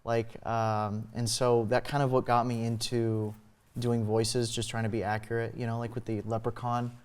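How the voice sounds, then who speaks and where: A man's voice: medium pitch, little pitch movement, moderate pace, smooth. A young man chatting as a talk show guest, rambling with lots of fillers. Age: young adult. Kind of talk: casual chat.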